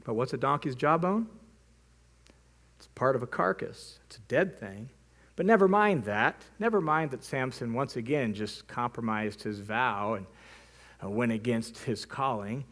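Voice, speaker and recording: A man's voice: medium pitch, expressive, measured pace, a bit bright. A male pastor preaching a sermon, retelling a story vividly and acting out the characters' lines. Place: church.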